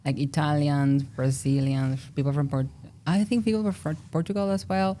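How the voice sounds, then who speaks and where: Talkative Mexican woman with a low voice. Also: normal speed, a little hiss or hum. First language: Spanish. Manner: talkative and expressive, laughs loudly. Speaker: guest researcher. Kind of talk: casual podcast interview.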